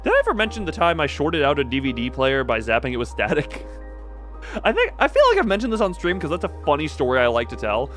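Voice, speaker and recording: A man chatting casually to his live-stream audience, animated and quick to laugh. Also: fairly high pitch. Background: faint background music.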